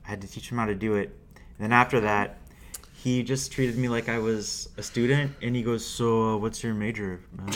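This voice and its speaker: A man's voice: medium pitch, normal speed, a little hiss or hum. A man telling stories as a guest on a casual podcast, acting out the voices of the people in them. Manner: animated, acts out other people's voices in his stories. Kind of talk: casual storytelling chat.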